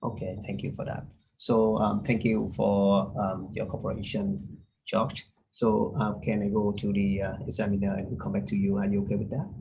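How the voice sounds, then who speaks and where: A man playing a doctor in a practice medical exam, asking polite questions haltingly with many fillers. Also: lowish voice, little pitch movement, noisy background. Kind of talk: medical exam role-play.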